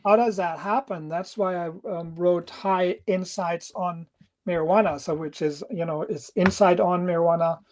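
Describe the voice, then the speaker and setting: A man's voice: high voice, steady tone, normal speed, a little mellow. A man hosting an interview, thoughtful and searching for his words as he explains. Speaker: host. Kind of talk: casual interview.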